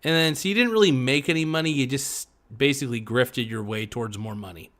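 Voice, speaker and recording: A man's voice: medium pitch, fairly quick, fairly bright tone. A man hosting a podcast, ranting in profane, sarcastic commentary and mocking people in put-on voices. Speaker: podcast host.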